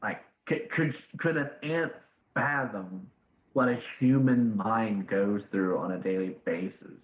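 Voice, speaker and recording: A man puts on a haughty, lordly god-emperor in a tabletop game, scornful of mere mortals. The voice sits fairly low and comes over an echoey, tinny voice-chat line. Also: measured pace, lightly acted. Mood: condescending. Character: imperious detached male god-emperor.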